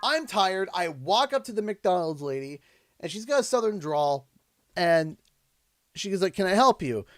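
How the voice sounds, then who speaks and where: Animated Canadian man telling a story. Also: high-pitched, measured pace, no echo, studio quality, faint music behind. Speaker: livestream host. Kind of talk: casual storytelling while streaming.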